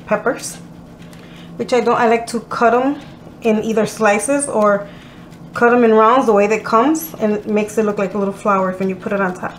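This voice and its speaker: A woman's voice: on the high side, steady tone, normal speed, slight background noise. Chatty woman vlogging in an echoey kitchen. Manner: chatty, laughs easily, mixes in Spanish. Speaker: vlog host. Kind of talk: casual cooking vlog chat.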